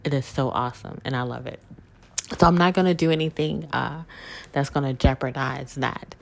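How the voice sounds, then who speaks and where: A woman's voice: very deep voice, fairly even intonation, normal speed, gravelly. A woman hosting a spiritual podcast, talking about her life in a heartfelt, rambling way with lots of fillers and restarts. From southern United States. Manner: heartfelt, rambling, frequent fillers and self-corrections. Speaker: podcast host. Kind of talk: casual personal monologue.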